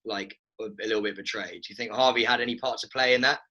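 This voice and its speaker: A man hosting a casual chat, jokey and animated, telling stories. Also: fairly low pitch, quick pace, highs cut off. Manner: animated, jokey, tells stories with put-on quotes. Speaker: host.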